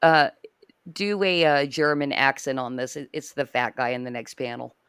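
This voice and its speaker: A man's voice: medium pitch, normal speed, fairly bright tone, clear, resonant tone, no echo, studio quality. A man illustrator narrating his comic aloud and chatting with his co-writer.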